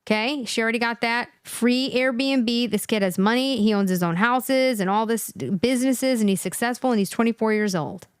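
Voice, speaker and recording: A woman's voice: on the high side, moderate pace, few pauses, smooth, dry recording, studio quality. A woman hosting a live reaction stream, scolding and talking straight to her viewers. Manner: animated, scolding, talks to viewers. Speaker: livestream host. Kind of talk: reaction commentary to a chat.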